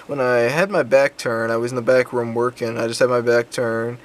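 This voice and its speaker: A man's voice: mid-range voice, steady tone, a little fast. Young man rambling profanely on his vlog. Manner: profane, rambling, crude jokes; frequent ums and restarts. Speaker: vlogger. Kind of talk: casual storytelling vlog.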